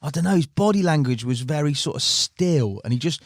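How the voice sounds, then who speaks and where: A man telling a story in casual podcast chat, animated and full of fillers like "mate", recorded in a podcast studio. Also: a little high, a little fast, no echo. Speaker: team member recounting stories.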